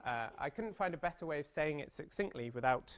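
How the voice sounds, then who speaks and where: A man's voice: a little high, lively intonation, fairly quick. A British man in his thirties giving a mathematics seminar talk, chatty and self-deprecating, with playful storytelling asides. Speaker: mathematics lecturer. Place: seminar room.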